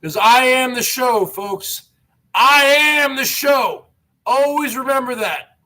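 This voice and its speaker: A man's voice: very high voice, slow pace, pushed and bright. A man hosting a livestream show in a brash, boastful manner, taunting viewers. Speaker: show host. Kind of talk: livestream talk.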